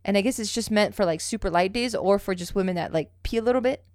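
A woman's voice: mid-range voice, fast, darkish tone, no echo, studio quality. A young woman co-hosting a casual podcast chat, telling stories loosely with lots of swearing and "um" and "like". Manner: loose, profane storytelling with many fillers. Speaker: podcast co-host.

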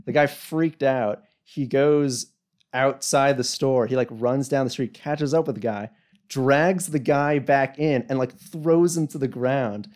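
A young man tells a story in a loose, casual chat. He rambles through it, leaning on "like" and "you know" at every turn. His voice sits at an ordinary male pitch. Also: measured pace, darkish tone.

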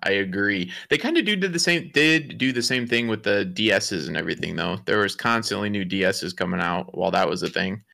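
Male co-host, lowish gravelly voice with bright edge, opinionated and sarcastic. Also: expressive, fairly quick, hardly any pauses. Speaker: podcast co-host. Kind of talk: casual gaming chat.

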